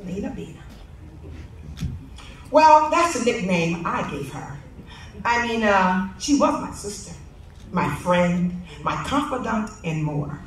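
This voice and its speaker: A woman giving a eulogy as a spoken-word poem, laughing through lines and swinging from loud to hushed, recorded from far off in a funeral hall. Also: medium pitch, big pitch swings, slow, long pauses, slight background noise. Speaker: family member giving a eulogy.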